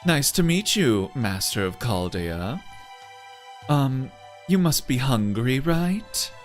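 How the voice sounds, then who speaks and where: Guy doing a sultry sweet game lady, slow and coaxing, pitch all over the place. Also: sing-song, soft background music. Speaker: streamer reading game dialogue aloud. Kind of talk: voiced game playthrough.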